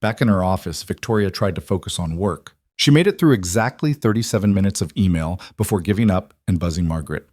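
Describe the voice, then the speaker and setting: Low steady male story narrator. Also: fast, hardly any pauses, no echo, clean studio sound. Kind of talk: scripted drama narration.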